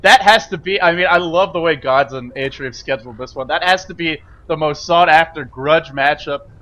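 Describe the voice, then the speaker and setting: A man casting a live esports match, excitable and quick to shout and laugh. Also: on the high side, muffled recording. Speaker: esports caster.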